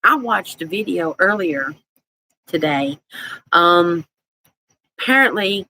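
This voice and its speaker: A woman's voice: on the low side, bright, forceful tone, rough recording. Southern US woman, live stream host, chatty and folksy, laughs a lot, faint background noise. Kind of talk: casual live chat, reading viewer comments.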